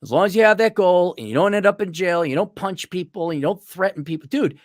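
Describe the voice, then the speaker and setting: A man's voice: high voice, expressive, fast talker, no echo, clean studio sound. A man hosting a casual advice monologue, blunt and sardonic, with mocking asides. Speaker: podcast host. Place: on a trip during a motorcycle rally.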